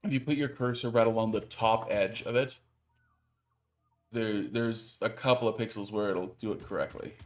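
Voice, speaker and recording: A man's voice: fairly low pitch, steady tone, moderate pace. A man co-hosting a game stream, reading viewer comments aloud and giving building tips in casual chat.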